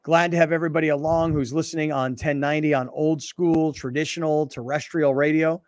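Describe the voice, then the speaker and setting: Animated male sports radio host. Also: a little high, fairly quick, no room sound, studio quality. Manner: animated storyteller, acts out dialogue. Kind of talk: casual sports talk show chat. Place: broadcast studio. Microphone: studio microphone.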